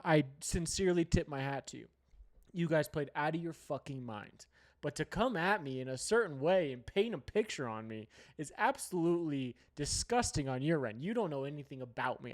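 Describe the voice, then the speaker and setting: A man hosting a sports podcast, ranting heatedly with plenty of profanity and sudden loud outbursts. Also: fairly high pitch. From United States.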